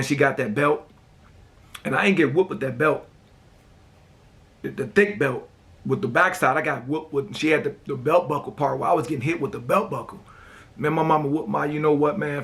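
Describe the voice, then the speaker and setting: A man with a gravelly, rough-edged voice hosts a casual talk show. He tells family stories in a laid-back, rambling way and keeps dropping "man" and "you know." His voice sits at a middle pitch. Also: fairly bright tone. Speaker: host. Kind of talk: casual personal storytelling.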